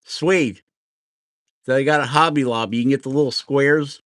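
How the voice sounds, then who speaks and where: A man's voice: medium pitch, moderate pace, fairly bright tone, dry recording. A middle-aged man from New Jersey, chatting casually and rambling as he hosts a woodcarving livestream, laughing at himself now and then. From New Jersey, USA. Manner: rambling, self-deprecating, laughs often. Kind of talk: casual chat while carving.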